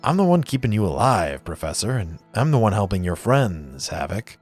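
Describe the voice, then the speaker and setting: A man voicing a smooth-talking male smuggler in a tabletop game, slick and persuasive. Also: fairly low pitch, sing-song, normal speed, a little mellow, soft background music. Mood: sly.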